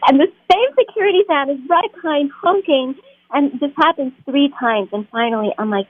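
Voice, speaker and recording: Woman, higher voice, chatty guest, laughs easily, tinny phone-like line, dry sound. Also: lively intonation, a little fast, no echo. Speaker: actor guest. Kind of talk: casual interview storytelling.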